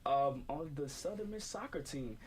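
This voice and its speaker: A man's voice: on the high side, expressive, moderate pace, a little hiss or hum. A young man hosting a casual student radio sports show, joking and laughing often between segments. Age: young adult. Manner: jokey, laughs often, repeats "without further ado". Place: college radio studio. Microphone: studio microphone.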